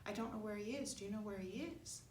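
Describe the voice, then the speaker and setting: Sad searching woman, soft and pleading, as a storyteller puts her on, far off in an echoey room. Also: mid-range voice, fairly even intonation, quick pace, slight background noise, close to an everyday voice.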